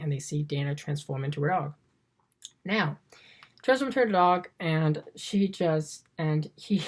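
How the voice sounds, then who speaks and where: Low-voiced woman recapping a movie. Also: darkish tone. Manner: rambling, strings events together with "and then"; enthusiastic, often says she loves it. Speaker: film reviewer. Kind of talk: casual scene-by-scene movie recap.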